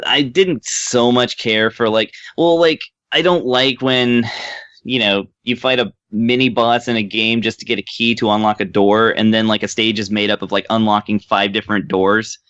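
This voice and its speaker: A man's voice: lowish voice, fairly even intonation, moderate pace, a bit bright, smooth, dry recording, highs cut off. A man co-hosting a podcast, chatting casually about a game he reviewed, rambling with lots of fillers. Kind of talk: casual chat.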